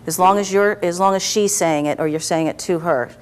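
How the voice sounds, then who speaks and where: A woman practitioner guiding a client through a therapy session, asking gentle, coaxing questions and checking in often. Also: on the low side, a little fast, slight background noise. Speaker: EFT practitioner.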